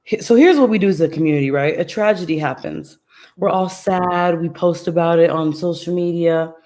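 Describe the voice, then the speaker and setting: Calm, serene-voiced woman guest. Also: on the low side, brisk. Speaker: guest podcaster. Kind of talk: casual interview chat.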